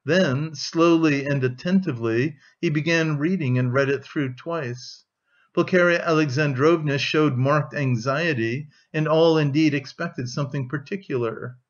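A man narrating an audiobook in a steady, measured way. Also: fairly high pitch. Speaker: audiobook reader. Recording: dull lo-fi audio.

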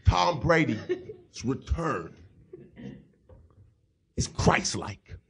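A man doing a loud, blustering sports pundit. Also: on the high side, creaky, breathy edge, pitched below the performer's own voice, full character voice. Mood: solemn. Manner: shouting, emphatic, overblown pronouncements. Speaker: comedian. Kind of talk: impression in a mock debate show.

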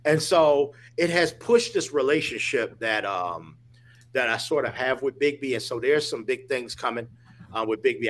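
A man talking as a guest on a video call, telling a story in a lively, emphatic way and often saying "dude" and "right?". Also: mid-range voice. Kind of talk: casual storytelling.

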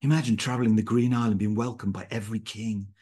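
A man reading aloud, voicing a gentle, earnest young prince in a spoken story. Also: on the low side, steady tone, fast talker, slightly rough, voice pushed up. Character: young male prince, gentle, tender-hearted.

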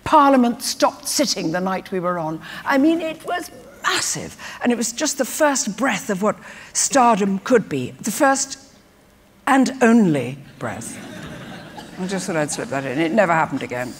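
An older woman, an actress, telling lively anecdotes on stage and acting out quotes. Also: mid-range voice, measured pace. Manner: lively storyteller who acts out quotes. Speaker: guest actress. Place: festival stage before an audience. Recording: reverberant live hall.

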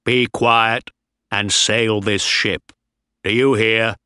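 A man's voice: lowish voice, fairly even intonation, takes it slowly, sharp tone, clear, resonant tone, no echo, clean studio sound. A man voicing a stern, commanding young male ship captain who gives clipped orders.

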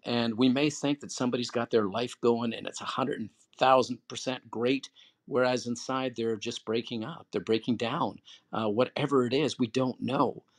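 This is a man hosting a conversational advice talk, and he speaks earnestly, like he is explaining things to the whole room. He acts out short example phrases with a different word stressed each time. His voice is of middle pitch and sits close to the mic with a dry sound. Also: fairly even intonation, moderate pace, dry recording. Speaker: host and moderator.

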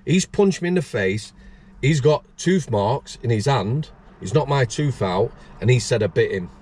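A man's voice: medium pitch, animated, moderate pace, darkish tone, a little hiss or hum. A middle-aged man, a former prison officer and the show's host, telling rambling anecdotes with frequent restarts and acting out other people's voices. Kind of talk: casual storytelling chat.

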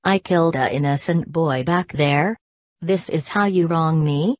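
A woman voicing a betrayed, desperate young man in an audiobook, reading in a flat, literal way. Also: low-pitched, measured pace, dry recording, studio quality. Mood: anguished. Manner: reads punctuation marks aloud.

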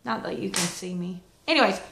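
A woman giving casual, chatty wellness advice as a vlogger, folksy and lively with plenty of asides. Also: mid-range voice, fairly quick, gravelly, echoey room, a little hiss or hum. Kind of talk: casual motivational talk.

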